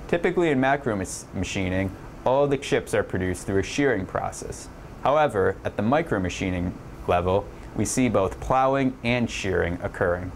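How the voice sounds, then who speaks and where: A man with a deep, low voice narrates an online engineering lesson in a steady, explanatory way. He stumbles now and then and fills pauses with small "uh"s. A faint air-conditioning hum runs underneath. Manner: explanatory, with occasional slips and fillers. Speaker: lecturer. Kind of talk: narrated online lab lecture.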